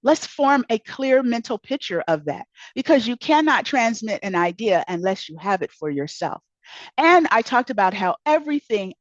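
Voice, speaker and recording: A woman's voice: fairly high pitch, no room sound, highs cut off. A woman who is a self-help author and coach, giving an earnest, encouraging motivational talk and repeating key words for emphasis.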